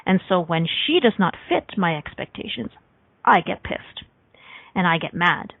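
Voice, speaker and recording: Woman, radio host, self-help talk, animated and confessional, slightly low voice, dry sound. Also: unhurried, gravelly, no echo. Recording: dry, phone-like line.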